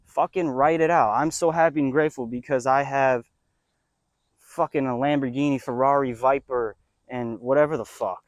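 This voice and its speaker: A young man rambles on about faith and manifesting, cursing often and swinging between loud, excited bursts and low mutters. His voice sits at an ordinary pitch. The sound is dry and close. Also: normal speed, no room sound. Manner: profane, excitable, drifts between loud rants and mumbles. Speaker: spiritual vlogger. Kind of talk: casual rambling monologue. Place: outdoors.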